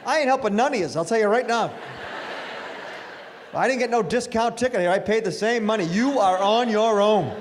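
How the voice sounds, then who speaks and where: A middle-aged man doing a stand-up comedy routine on a club stage, with a brash, punchy delivery and sudden loud bursts. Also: extremely high pitch, a little fast, long pauses, a little hiss or hum.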